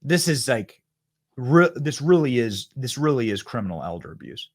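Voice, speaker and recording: A man in his thirties hosting a political commentary show, mocking and excitable, laughing and jumping his voice up for effect. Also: mid-range voice, normal speed. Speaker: podcast host and commentator.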